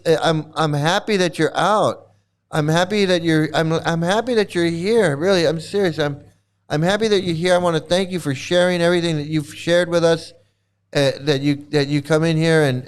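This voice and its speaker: A man's voice: on the high side, clean tone. A man hosting angry reaction commentary, talking heatedly with a lot of swearing and repeating himself. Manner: heated, profane, repetitive. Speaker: commentary channel host.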